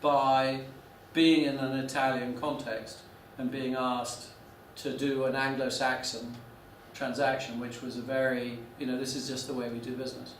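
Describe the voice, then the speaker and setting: A man's voice: mid-range voice, little pitch movement, moderate pace, hardly any pauses, slight background noise. A man lecturing a class, telling a business story with many restarts and fillers. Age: 40s. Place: lecture room. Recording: echoey room, mic from a distance.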